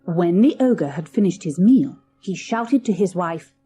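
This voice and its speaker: Lilting woman storyteller, mellow voice. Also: lowish voice, animated, a little slow. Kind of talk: scripted narration of a children's storybook. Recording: old cassette audiobook.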